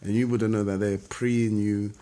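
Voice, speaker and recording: Sarcastic low-voiced man. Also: little pitch movement, normal speed, mellow. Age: young adult. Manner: sarcastic, confrontational, addresses listeners directly. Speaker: rapper. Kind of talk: spoken-word monologue.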